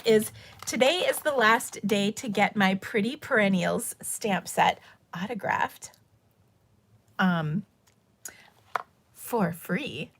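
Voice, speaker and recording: A woman's voice: medium pitch, a bit bright. A middle-aged woman hosting a craft class live stream from her home craft room on a phone camera, chatty and rambling with fillers and laughs. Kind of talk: casual live-stream chat.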